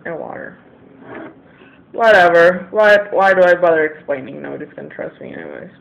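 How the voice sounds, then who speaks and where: A man's voice: fairly high pitch, a little fast, creaky, a bit bright. A young man in his late teens talking to the camera in a rambling, frustrated way, venting about his family. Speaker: vlogger. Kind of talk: casual confessional vlog. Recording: tinny lo-fi webcam audio, faint hiss.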